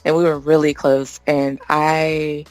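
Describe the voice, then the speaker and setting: A woman's voice: low voice, level tone, slow pace, no room sound, poor audio. A woman in her thirties, a podcast guest telling stories of motherhood, acting out what people said and laughing often. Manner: warm storytelling, acts out quotes, laughs often. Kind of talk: casual interview chat.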